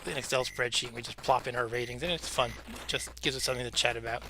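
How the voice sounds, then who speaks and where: A man's voice: medium pitch, steady tone, noisy background. A man hosting a casual live game stream from home, out of breath, chatty and joking with asides. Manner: chatty, self-deprecating, with fillers and quick asides.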